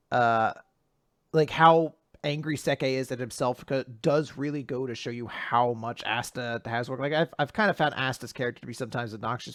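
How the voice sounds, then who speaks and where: A man casually retelling a manga chapter on a podcast, animated and acting out the lines as he goes. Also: mid-range voice, no echo, studio quality. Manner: animated, slips into character voices when retelling. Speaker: podcast host. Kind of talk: casual manga recap chat.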